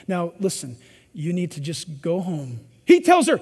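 A middle-aged male pastor with a strikingly high voice preaches a sermon, emphatic and chatty. He slips into quoted voices as he talks. The sound carries the long ring of a large hall. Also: wildly swooping pitch, moderate pace, a little mellow, husky. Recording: echoey hall.

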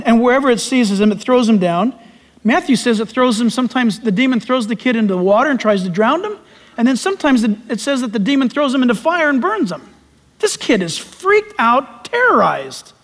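A male pastor preaching a sermon in a folksy, emphatic way with homespun asides. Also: extremely high pitch. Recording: long hall reverb.

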